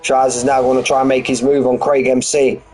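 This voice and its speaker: Man, live race commentary, rambling and jokey, average pitch, faint hiss behind. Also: level tone, brisk, a little mellow, rough recording. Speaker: sim racing commentator.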